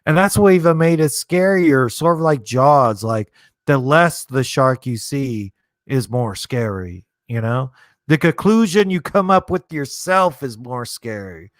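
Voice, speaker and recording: A man's voice: a little high, no room sound, clean studio sound. A man casually commenting on a movie as a streamer, laid-back and rambling, thinking aloud with lots of fillers. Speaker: streamer hosting a movie watchalong.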